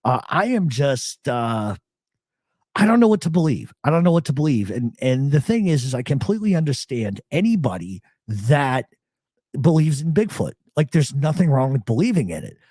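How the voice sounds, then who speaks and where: A man with a medium-pitched, husky voice speaks at normal speed, recorded at studio quality with no echo. Hosting a live show as a podcaster, he chats casually and swears freely, an animated, profane storyteller.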